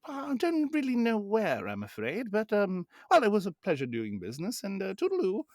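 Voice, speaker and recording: A man's voice: sits high, wildly swooping pitch, moderate pace, darkish tone, no echo, studio quality, pitched above the performer's own voice, exaggerated voice. A man voicing a polite, genteel fiendish merchant with a French accent. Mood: suave. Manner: airy, overly polite.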